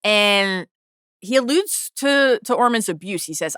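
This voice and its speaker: A woman co-hosting a podcast in casual chat, eager, agreeing readily and quick to laugh. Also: medium pitch, lively intonation, a bit bright, clear, resonant tone, no echo, clean studio sound. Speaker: podcast co-host.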